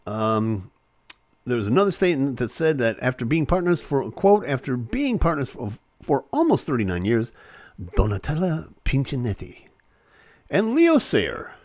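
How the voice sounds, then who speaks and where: A man's voice: medium pitch, darkish tone, dry recording, studio quality. A man hosting a live online show, casually reading celebrity news aloud with playful jokes and asides.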